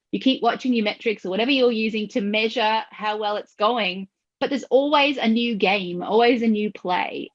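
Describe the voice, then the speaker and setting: A woman hosting a podcast, telling stories with lively acted-out quotes and frequent laughter. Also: medium pitch. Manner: animated storyteller who acts out quoted voices and laughs often. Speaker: podcast host. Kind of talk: conversational podcast discussion. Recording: dull lo-fi audio.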